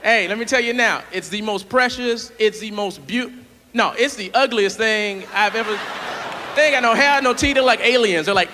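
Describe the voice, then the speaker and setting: A man from the southern United States doing a playful, animated stand-up comedy set on a large theater stage. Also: high voice, moderate pace, noisy background. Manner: animated, playful, jumps into character voices. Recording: live theater hall with audience.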